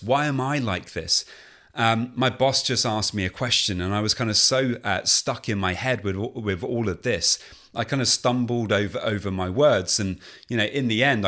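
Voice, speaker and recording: A man's voice: medium pitch, fairly bright tone, lightly acted. A man acting out the inner monologue of an anxious, frustrated man going back to work after time off. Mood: exasperated. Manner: self-talk monologue, restless, exasperated. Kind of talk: illustrative role-play monologue.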